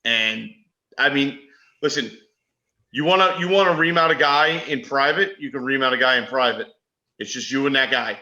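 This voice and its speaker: Bright, blunt podcast guy, echoey room. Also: medium pitch, moderate pace. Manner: heated, blunt, curses. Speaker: podcast co-host. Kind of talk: casual sports podcast chat.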